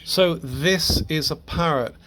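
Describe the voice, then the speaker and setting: A man teaching Spanish grammar to English speakers, explaining step by step, halting and correcting himself as he goes. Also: fairly high pitch, pushed and bright, faint music behind. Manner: slow, halting, with restarts and self-corrections.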